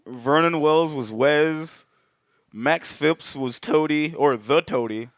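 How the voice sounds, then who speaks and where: A man's voice: on the high side, takes it slowly, a bit bright, no echo, clean studio sound. A man co-hosting a podcast in casual, joking, profane banter, sometimes reading notes in a dramatic announcer tone. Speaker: podcast co-host.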